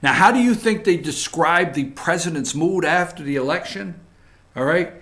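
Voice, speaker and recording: Man, high voice, bright and forceful, mocking political commentary, muttered asides. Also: lively intonation, moderate pace. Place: studio.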